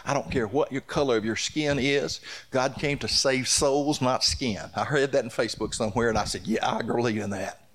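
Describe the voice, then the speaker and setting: A man's voice: mid-range voice, normal speed, fairly bright tone. Folksy preacher man. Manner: folksy, builds to fervent emphatic delivery. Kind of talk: sermon storytelling.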